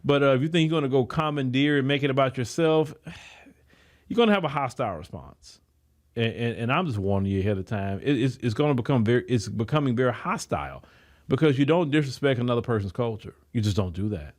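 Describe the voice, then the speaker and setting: An American podcast host with an African American English accent delivers a brisk, emphatic commentary monologue with a preachy tone, full of repeated words and restarts. His animated delivery swings between raised passages and low, quiet asides.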